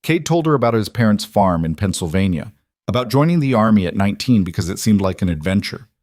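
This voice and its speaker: A man reading a western story aloud in a measured, scripted narration. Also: on the low side, expressive, a little mellow, dry recording.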